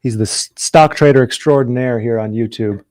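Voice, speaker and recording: A man with a Minnesota accent, a guest in a casual trading chat, relaxed and easygoing. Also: medium pitch, moderate pace, dry recording. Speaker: podcast guest.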